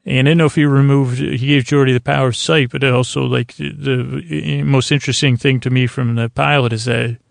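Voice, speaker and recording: A man's voice: mid-range voice, fairly even intonation, brisk, vocal fry, hardly any pauses, no room sound, studio quality. A man hosting a podcast, casually recapping a story in a rambling way and loosely quoting the characters as he goes. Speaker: podcast host.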